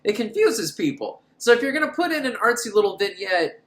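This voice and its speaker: Sitting high in pitch and very animated, this man's slightly bright voice moves a little fast and echoes in a reverberant space. He's a film reviewer doing a casual, comedic horror-movie recap, crude and sarcastic, chuckling at his own gags.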